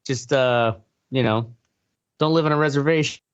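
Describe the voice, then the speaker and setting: A man's voice: mid-range voice, moderate pace, clear, resonant tone, no echo. A man co-hosting a podcast, talking loosely and offhandedly in casual chat, with lots of fillers. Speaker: podcast co-host. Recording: slightly dull, lo-fi sound.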